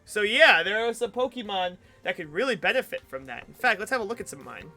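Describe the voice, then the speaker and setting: A chatty man talking his way through a video game on stream, full of fillers and restarts. His voice is high and bright, and faint game music plays behind him. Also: expressive, fast talker. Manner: rambling, chatty, many fillers. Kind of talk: casual let's play commentary.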